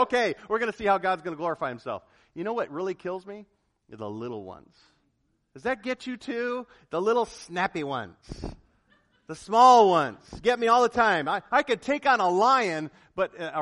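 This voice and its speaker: A man preaching a sermon, swinging from hushed, low asides to loud, excited exclamations. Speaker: pastor.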